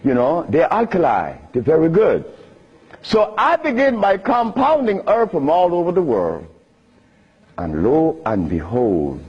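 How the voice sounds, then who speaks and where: Captured on a dull lo-fi recording, a man with a medium-pitched, slightly breathy voice speaks at a Q&A talk. He tells stories to the audience with emphasis, chuckling through his asides.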